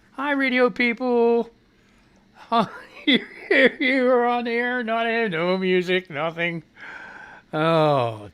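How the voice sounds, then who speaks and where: Loud, rambling radio host man. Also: high-pitched. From United States. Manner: loud, rambling, swears freely. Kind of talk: casual radio chat.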